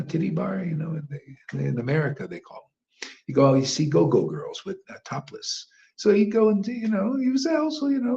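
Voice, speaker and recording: A man giving an informal devotional sermon, rambling and emphatic, dropping to hushed asides and rising to loud outbursts, with slangy "man" and "you know" throughout. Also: on the high side, gravelly, lo-fi sound. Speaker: devotional teacher leading a chanting gathering.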